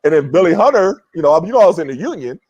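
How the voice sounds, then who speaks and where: A man tells a story in relaxed chat, his voice sitting high and leaping up and down as he gets into it. He slips into other people's voices to act out what they said and keeps checking in with "right?". The sound is dry and close, with no room around it. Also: very fast, breathy edge, dry recording. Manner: animated, acts out other people's words; many fillers like "you know" and "right?". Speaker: podcast guest, former pro basketball player. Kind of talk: casual storytelling.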